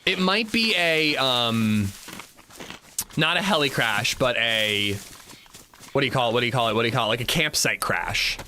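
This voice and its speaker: Bright-voiced joking male game streamer. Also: mid-range voice, animated, moderate pace, a little hiss or hum. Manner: joking, chatty, talks to chat. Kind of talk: casual livestream commentary.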